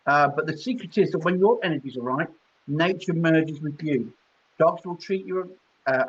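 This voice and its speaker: A man's voice: fairly high pitch, fairly bright tone, husky. A man giving live psychic readings in a chatty way, laughing between messages. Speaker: psychic reader. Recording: dull lo-fi stream audio.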